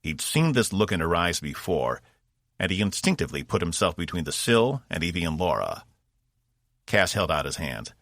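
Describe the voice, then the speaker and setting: A male audiobook narrator with a deep, low voice who tells the story in a measured, expressive way. His pitch rises and falls with lively movement, and the recording is dry and close with no room sound. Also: dry recording. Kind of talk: scripted narration.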